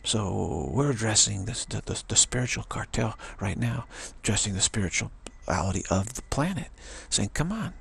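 A man's voice: on the low side, normal speed, creaky, few pauses, a bit bright, a little hiss or hum. A man giving a spiritual talk, taunting and challenging in a mocking tone. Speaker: spiritual teacher.

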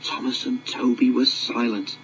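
A man narrating a children's railway storybook in a measured, expressive reading. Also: mid-range voice, muffled recording, a little hiss or hum.

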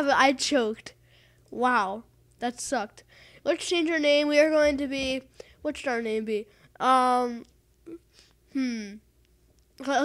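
A woman giving casual, rambling gameplay commentary, excitable and calling out to rival players. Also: high voice. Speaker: gaming channel host.

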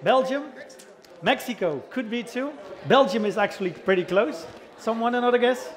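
A man's voice: extremely high pitch, expressive, moderate pace. A middle-aged man with a Dutch accent giving a chatty conference talk, asking the audience questions and joking about himself. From the Netherlands. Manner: chatty, self-deprecating, engages audience with questions. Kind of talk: conference presentation. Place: conference hall.

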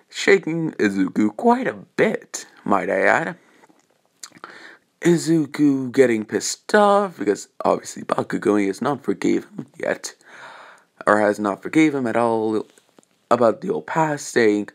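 A young man improvising a fan-fiction story aloud, rambling with many fillers and restarts, dropping into a slow, menacing tone for the hero's lines. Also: medium pitch, big pitch swings, vocal fry.

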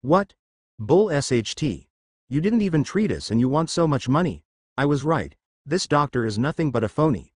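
Man reading a brash male thug, blustering, lively pitch, dry sound. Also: a little fast, no room sound. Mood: aggressive. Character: aggressive bare-chested male thug.

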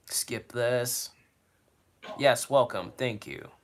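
A man's voice: mid-range voice, extremely slow, a little hiss or hum. A man streaming himself playing games, talking casually about what he picks next. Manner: animated, reads game dialogue aloud in silly voices. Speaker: gaming streamer. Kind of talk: casual gameplay commentary.

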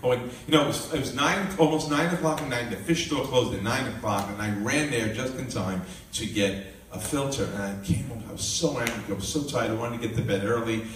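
A man preaching, telling family stories with lively, animated delivery and acting out the voices of his kids. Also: mid-range voice, fairly quick, few pauses, slight background noise. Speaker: minister. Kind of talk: sermon. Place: hall with live audience. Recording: echoey room from far off with faint ambience.

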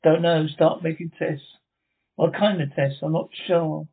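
A man's voice: a little high, steady tone, unhurried, slightly rough. A man reading the part of a worried, baffled doctor, with a flustered, stumbling delivery. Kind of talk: amateur script reading. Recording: tinny phone-like sound.

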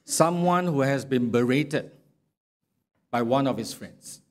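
A man preaching a sermon in a church, speaking in a slow, measured way and reading scripture aloud with sarcastic emphasis. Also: mid-range voice, animated. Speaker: pastor. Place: church sanctuary.

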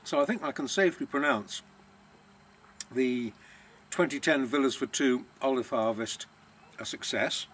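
A man's voice: mid-range voice, a little slow, pauses often, a bit bright, slightly rough. A man, the owner of a villa rental business, chatting casually on a vlog in a self-deprecating, savouring way.

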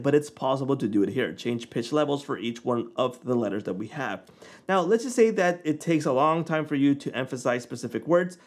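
A man hosting a software tutorial, talking in a relaxed, informal way as he clicks through the steps. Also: fairly high pitch. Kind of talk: casual screen-recording walkthrough.

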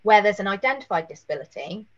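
A woman, hoarse after a cold, giving a careful webinar presentation with many fillers. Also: mid-range voice, animated, fast talker, muffled recording. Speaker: legal presenter.

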